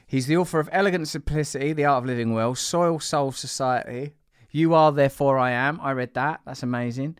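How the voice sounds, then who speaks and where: A man's voice: mid-range voice, fairly quick, clean tone, no room sound. Playful rambling male podcast host. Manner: playful, teasing, breaks into laughter. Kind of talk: rambling casual chat.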